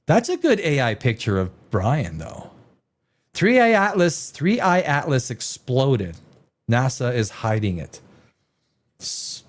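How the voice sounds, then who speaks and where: Male stream host, sarcastic and rambling, animated voice on the high side. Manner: sarcastic, rambling, laughs at headlines. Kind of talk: casual live stream commentary.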